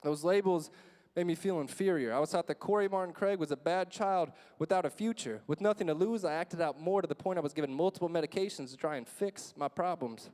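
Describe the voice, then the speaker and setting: A young man giving a comedic motivational speech, telling stories in an animated way full of "like" and "you know" and acting out the scenes. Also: a little high, brisk. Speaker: motivational speaker. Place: large conference hall stage. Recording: long reverb of a large hall.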